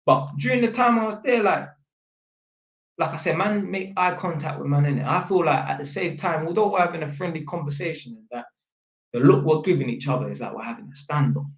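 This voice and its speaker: A man's voice: fairly high pitch, a little fast, lo-fi sound. A young man telling a story to camera in casual slang, acting out phone calls in quoted voices, sitting at home. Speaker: vlogger. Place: at home, sitting at a small table. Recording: echoey room.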